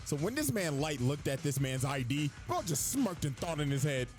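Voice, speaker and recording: A man tells an anime story as a crude, slang-heavy comedy recap. His voice sits a bit high for a man and swings up and down constantly. Music plays clearly behind him. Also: big pitch swings, normal speed, few pauses. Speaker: narrator. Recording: background music under the voice.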